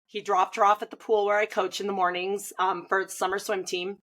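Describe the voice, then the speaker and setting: A woman in her thirties, working as a swim coach, talks briskly in a medium-pitched voice. Her casual, chatty conversation features animated retelling and frequent "like" fillers. The recording is rough.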